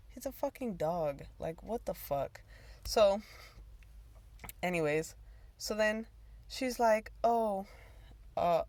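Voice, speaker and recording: A rambling, profane personal story comes from a woman hosting her own talk show, punctuated by bursts of laughter. Her pitch sits fairly low, and the recording has no echo.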